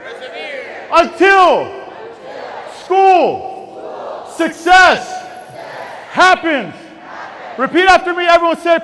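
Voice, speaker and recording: A man from giving a keynote speech to educators, leading the crowd in call-and-response chants and telling stories in a hushed voice. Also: very high voice, a little hiss or hum. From Texas. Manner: storytelling, dropping to a hushed voice. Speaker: motivational speaker. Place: large auditorium. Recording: reverberant hall with audience.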